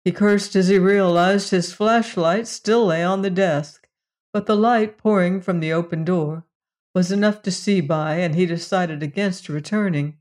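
A narrator reading a science fiction story in a steady, unhurried storytelling manner. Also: mid-range voice.

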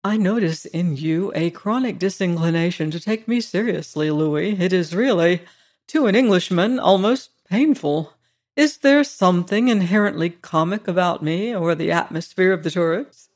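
A reflective gentleman in an old storybook reading, cool and unhurried in manner. A narrator gives him the plain reading voice. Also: mid-range voice, natural voice. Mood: detached. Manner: detached and thoughtful.

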